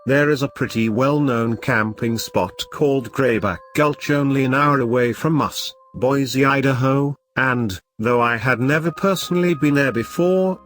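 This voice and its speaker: A man narrating scripted horror stories in a dramatic, measured way. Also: mid-range voice, a bit bright.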